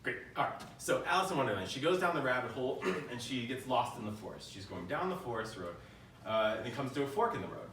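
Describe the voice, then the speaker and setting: A man giving a keynote to a room, talking in an easy conversational way and tossing questions out to the listeners. His voice sits at a middle pitch. The sound is roomy and echoing, with him a little off the mic. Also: big pitch swings, fast talker, fairly bright tone, far from the mic, slight background noise. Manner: conversational, asks the audience questions. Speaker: keynote speaker. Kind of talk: live keynote talk.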